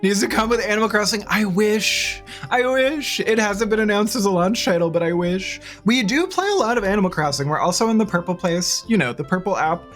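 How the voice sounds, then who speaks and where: A chatty woman streamer talks with her live audience into a desk mic. Her pitch moves a lot, and she laughs easily. Soft music plays quietly in the background. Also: lively intonation, a little fast, few pauses. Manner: chatty, bubbly, laughs often. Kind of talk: casual live-stream chat.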